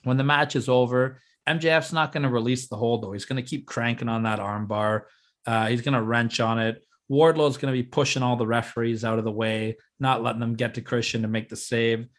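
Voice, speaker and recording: A man's voice: mid-range voice, fairly quick. Podcast co-host, male, chatty and teasing, explains his booking plans with energy. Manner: excited, teasing, lays out plans step by step. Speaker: podcast co-host booking a fantasy wrestling show. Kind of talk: casual chat.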